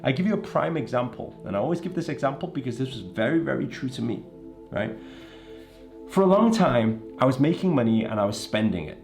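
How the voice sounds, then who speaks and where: Lively motivational speaker, a man. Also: medium pitch, brisk, gravelly, soft background music. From England. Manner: lively, emphatic, frequent "right?" and "you know". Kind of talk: motivational talk to camera.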